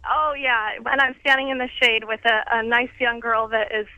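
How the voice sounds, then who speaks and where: A woman's voice: on the high side, fairly even intonation, moderate pace, no room sound. A woman calling in from outside, talking in a rambling way with many fillers. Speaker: caller. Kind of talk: phone report from outside. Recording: muffled phone line.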